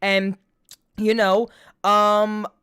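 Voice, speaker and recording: A man's voice: high-pitched, flat delivery, very slow, sharp tone, smooth, no echo, studio quality. A young man with a New York accent, hosting a casual podcast chat in a crude, rambling way, often stammering and repeating words. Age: young adult. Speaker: podcast host.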